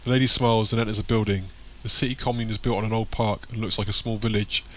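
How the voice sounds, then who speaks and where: A man narrating an audiobook in a plain, steady reading voice. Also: fairly low pitch, fast talker.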